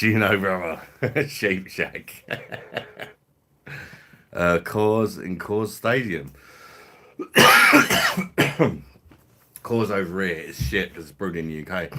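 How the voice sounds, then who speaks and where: Pushed and bright, with a fairly low pitch, the voice belongs to a Cockney-ish Londoner running a relaxed live stream. He's matey and chatty with his viewers, tossing in slang and laughter.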